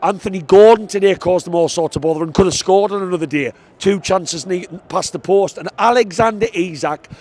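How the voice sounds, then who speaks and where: Excitable man, high voice. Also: fairly quick, hardly any pauses. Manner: excitable, emphatic, repeats "I tell you what". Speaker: football fan vlogger. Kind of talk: post-match fan reaction. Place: outside a football stadium after a match.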